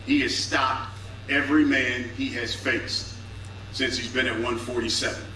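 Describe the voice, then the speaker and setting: Fight announcer guy hyping up a boxer, drawn out and emphatic, bright voice, echoey and far away. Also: medium pitch, flat delivery, moderate pace, slight background noise. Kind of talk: ringside fighter introduction.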